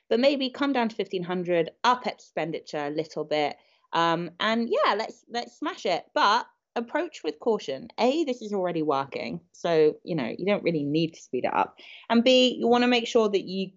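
A woman with a fairly low voice talks through fitness questions in a frank, practical way, filling gaps with loose fillers. The recording sounds dull and lo-fi. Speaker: podcast co-host and fitness coach. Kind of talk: casual advice chat.

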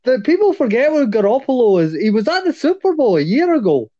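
A man's voice: extremely high pitch, sing-song, brisk, mellow, no room sound. A man speaking as a guest on a casual sports podcast, giving his opinions in a conversational way. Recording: dull, dry lo-fi audio.

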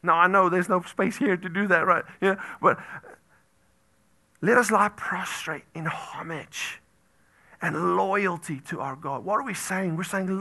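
A man preaching a sermon as pastor, animated, swinging from loud exclamations to hushed near-whispers and repeating phrases for emphasis. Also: high voice, unhurried, vocal fry.

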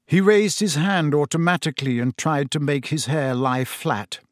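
A man with a fairly high voice narrates a story aloud at a steady pace. The recording is close and dry, with no room sound at all. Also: normal speed, no room sound. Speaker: audiobook narrator. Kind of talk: scripted narration.

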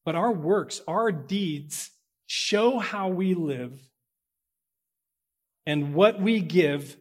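A pastor preaching a sermon, slowing down to stress key words, with big swings in loudness, and correcting himself as he goes. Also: a little high. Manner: corrects himself out loud mid-sentence.

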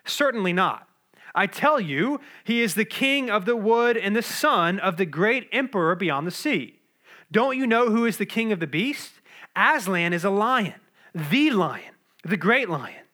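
A man's voice: high voice, animated, a little slow, pushed and bright, heavily acted. A man reading aloud the lines of a stern male beaver in a storybook scene, in an emphatic way.

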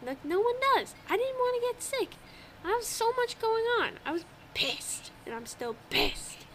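A young woman from New England co-hosting a podcast in casual chat, animated and often laughing. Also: extremely high pitch, moderate pace, slight background noise. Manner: animated, laughs often, acts out quoted voices. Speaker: podcast co-host.

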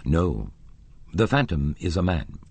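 A man's voice: very deep voice, sing-song, takes it slowly, vocal fry, husky, no room sound, full character voice. A man voicing an indignant elderly female opera box-keeper, haughty and insistent, in an audiobook reading. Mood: confiding. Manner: haughty, insistent, gossipy storytelling.

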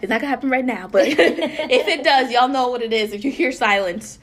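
A young woman co-hosting a podcast, telling a painful personal story in an earnest, halting way full of fillers and restarts. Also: a little high. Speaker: podcast co-host.

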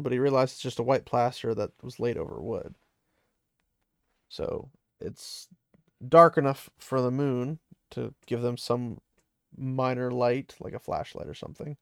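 A man's voice: medium pitch, gravelly, a little mellow, dry recording, clean studio sound. A man casually retelling a story in a loose, chatty way, full of fillers and small laughs.

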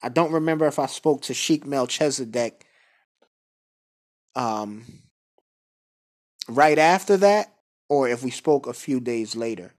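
A man's voice: mid-range voice, animated, unhurried, long pauses. Man telling a story, laid-back. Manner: laid-back, conversational, with frequent fillers and asides. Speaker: guest speaker. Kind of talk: casual storytelling.

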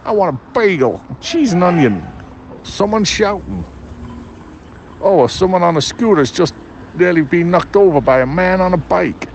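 A man's voice: high-pitched, sing-song, a little slow, a little hiss or hum. A man rambling crudely and jokily in a voice note, sitting outdoors on a city bench. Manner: crude, jokey, sweary.

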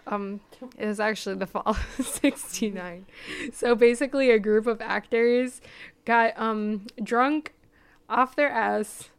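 A woman hosting a podcast, telling a spooky story in a casual, chatty way that sometimes drops to a hushed tone. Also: fairly high pitch, unhurried. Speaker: podcast host.

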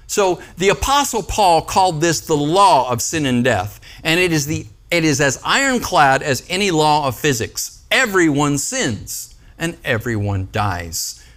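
A man's voice: fairly high pitch, very animated, a little slow, a bit bright. A man preaching a conversational sermon as a pastor, with joking asides and frequent calls of "Amen?" and "right?" to the congregation.

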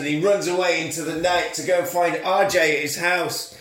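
A man co-hosting a casual chat, retelling a film with animated, shouted bits of the characters' lines. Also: a little high, moderate pace, roomy sound. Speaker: podcast co-host.

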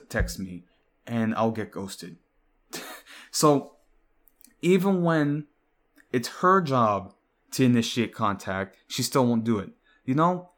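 A young man talking casually to the camera in a rambling, hesitant way, full of fillers and restarts. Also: fairly low pitch. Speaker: vlogger.

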